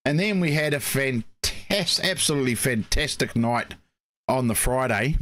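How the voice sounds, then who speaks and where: A man's voice: medium pitch, measured pace, a bit bright. A man co-hosting a racing show, telling long rambling stories full of "mate, you know". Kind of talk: casual chat.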